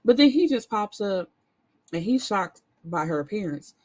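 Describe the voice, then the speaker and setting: A woman's voice: medium pitch, sing-song, moderate pace, a little mellow. A woman recaps a novel in a loose, chatty way, dropping frank asides as she goes. She speaks as a book reviewer addressing her viewers. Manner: candid, chatty, blunt asides.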